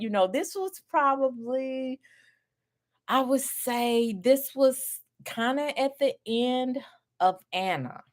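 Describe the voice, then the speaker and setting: A middle-aged woman mentoring group home owners, telling a story in an animated way, laughing often and acting out what people said. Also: high-pitched, takes it slowly. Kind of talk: storytelling to viewers.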